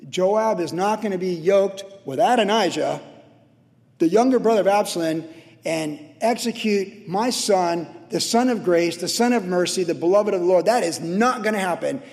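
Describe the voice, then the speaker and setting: A man in his sixties preaching a sermon in a conversational way, acting out quotes with sudden shouts. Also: high voice, moderate pace, in a large hall. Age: 60s. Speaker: pastor.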